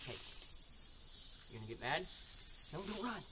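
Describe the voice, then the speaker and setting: A woman filming a vlog outdoors by a house deck on a handheld phone, excitable and swearing, talking to a snake and her cats. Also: low voice, moderate pace, background noise. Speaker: vlogger.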